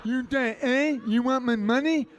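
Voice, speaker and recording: A comedian putting on an outraged deaf old composer who spits out curses at full volume. The voice pushes loud and hard, with an angry, stunned bark. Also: male voice, extremely high pitch, a little slow, background noise. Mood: indignant. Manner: yelling, profane. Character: enraged deaf old male composer, cursing.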